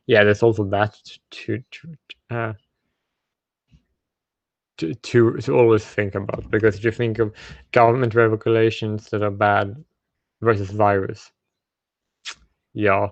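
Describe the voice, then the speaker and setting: A man with a gravelly, creaky voice speaks haltingly on a casual stream. He restarts and repeats himself, and his opinions are blunt. His voice sounds dull and dry, as if from a cheap remote mic. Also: lowish voice, no room sound. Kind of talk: casual political chat.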